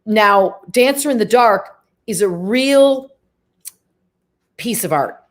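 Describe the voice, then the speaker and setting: A woman's voice: medium pitch, expressive, takes it slowly. A middle-aged woman talks in a loose, chatty way as a guest on a show. She laughs easily and keeps breaking into short impressions as she tells her stories. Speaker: actress guest. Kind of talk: casual interview chat.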